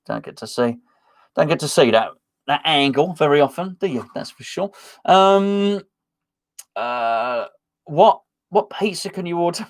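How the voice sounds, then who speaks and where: A middle-aged man hosting a live stream, reading viewers' comments in a rambling, chatty, self-mocking way with many restarts. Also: mid-range voice. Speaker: podcast host reading live chat. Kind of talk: casual live-stream chat. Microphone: headphones and webcam at a desk.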